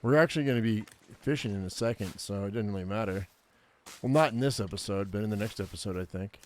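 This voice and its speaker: Low-voiced man muttering gameplay commentary. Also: fast, slight background noise. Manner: muttering thoughts aloud, chatty asides to viewers.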